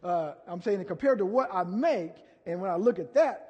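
A middle-aged pastor from Ohio preaches in a folksy, rambling way, full of asides and fillers. His voice sits high for a man and has a husky edge. The sound rings out with a long reverb, as in a large church sanctuary. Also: lively intonation, normal speed, mellow, lo-fi sound. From Ohio, USA. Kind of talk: conversational sermon.

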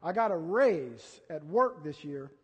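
A middle-aged pastor from Ohio preaches in a folksy, rambling way, full of asides and fillers. His voice sits high for a man and has a husky edge. The sound rings out with a long reverb, as in a large church sanctuary. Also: expressive, a little slow. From Ohio, USA. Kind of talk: conversational sermon.

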